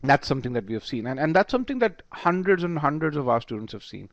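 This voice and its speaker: A man's voice: a little high, very animated, fast talker, dry recording, muffled recording. A man teaching test preparation in a webinar, emphatic and repeating words as he thinks aloud. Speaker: test prep instructor. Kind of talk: webinar lecture.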